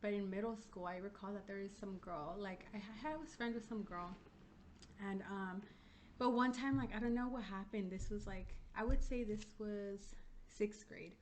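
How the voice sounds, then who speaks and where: This young adult woman co-hosts a podcast, chatting casually and telling stories peppered with "like" and the occasional swear word. Her medium-pitched voice is steady and a little mellow, moving at a moderate pace over slight background noise.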